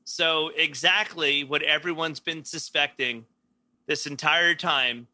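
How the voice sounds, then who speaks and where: A man hosting a casual comedy chat, telling jokey stories and slipping into quick voices for the people in them. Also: fairly high pitch, steady tone, pushed and bright. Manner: joking, storytelling with quick impressions and frequent laughs.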